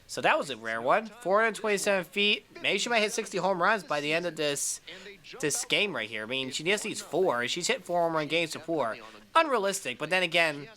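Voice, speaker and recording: Bright-voiced excitable man commentating a game. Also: on the high side, fairly quick. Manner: excitable, shouts at big plays. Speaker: gaming commentator.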